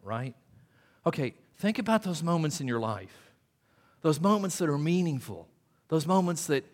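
An older man preaching a sermon in a church, talking in a conversational way and dropping to quiet asides. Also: a little high. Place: church sanctuary. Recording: long hall reverb in a church.

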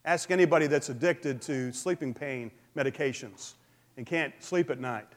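A male pastor preaching a sermon in a relaxed, conversational way, with frequent fillers. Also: medium pitch, moderate pace. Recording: long hall reverb.

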